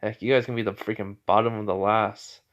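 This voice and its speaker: A man's voice: fairly low pitch, level tone, brisk, close to an everyday voice. A man voicing a brash young man who cracks puns, speaking casually in a joking way. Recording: slightly muffled lo-fi audio.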